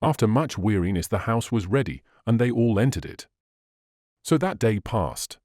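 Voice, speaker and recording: A man narrating a classic adventure novel as an audiobook reader, in an expressive, measured way. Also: on the low side, dry recording, studio quality. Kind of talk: scripted narration.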